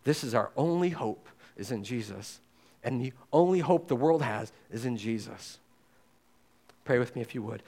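A man preaching a sermon as pastor, talking straight to his listeners and swinging between loud and hushed. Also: mid-range voice, expressive, moderate pace. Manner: conversational, addresses listeners directly.

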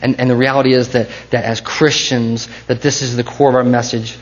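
A man preaching a sermon as pastor, swinging between hushed intensity and rising passion. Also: medium pitch, level tone, brisk, muffled recording.

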